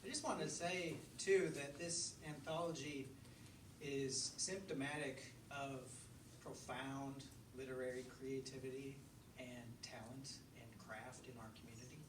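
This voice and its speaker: A man author giving a relaxed live reading of his fiction at a book launch, with chuckles and small asides. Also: mid-range voice, measured pace. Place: bookstore event room. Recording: echoey room, distant mic, crowd hum.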